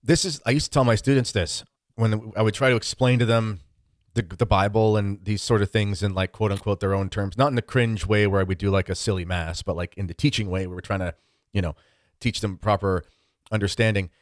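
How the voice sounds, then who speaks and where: Low-voiced male podcast host. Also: brisk, no echo, studio quality. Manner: relaxed and conversational, with fillers. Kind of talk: casual conversational interview.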